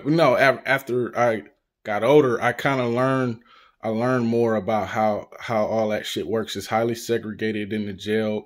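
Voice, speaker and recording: A man from Northern California talking casually to camera on his vlog, loose and rambling, with lots of "you know" and restarts. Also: fairly low pitch. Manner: loose, rambling, full of "you know what I'm saying". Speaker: YouTube vlogger. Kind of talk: casual storytelling monologue.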